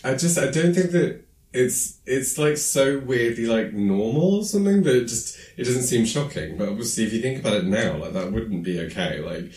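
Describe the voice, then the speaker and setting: A man casually recapping a film, rambling with lots of fillers and acting out lines in squeaky voices. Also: animated, moderate pace, a little mellow, reverberant. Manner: rambling, filler-heavy storytelling; acts out quoted lines in high squeaky voices. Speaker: podcast co-host recapping a film. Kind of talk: casual chat.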